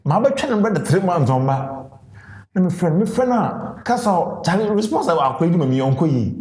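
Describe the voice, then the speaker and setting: A man's voice: high voice, fairly quick, echoey room. A Ghanaian man from a music duo tells stories in an interview, mixing English and Twi and laughing as he goes. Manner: animated, mixes English and Twi, laughs while telling stories. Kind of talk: storytelling interview.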